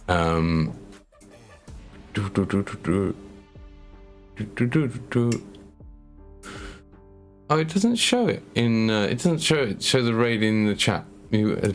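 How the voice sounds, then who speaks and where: Male streamer, low voice, rambling casual chat to viewers, faint music behind. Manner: rambling, self-mocking, with stammered repeats. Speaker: live-streaming miniature painter.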